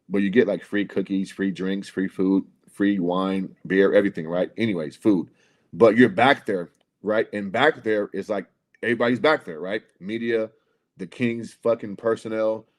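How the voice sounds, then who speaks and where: A podcast co-host on a casual livestream spins a long, rambling story, cursing often and calling the listener "bro." He keeps repeating "bro" and "right?", and his voice is lowish and a little mellow.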